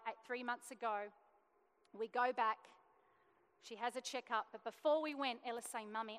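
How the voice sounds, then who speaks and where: A woman's voice: a little high, fairly bright tone, clear, resonant tone. A woman in her thirties giving a testimony sermon, telling a family story earnestly and acting out the dialogue. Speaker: church speaker sharing testimony. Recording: long hall reverb.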